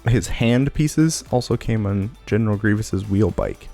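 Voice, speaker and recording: Male host, low voice, easygoing chat, lots of "like" and "um". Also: measured pace, creaky, soft background music. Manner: relaxed, filler-heavy, rambling. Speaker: podcast host. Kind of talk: casual talk-show chat.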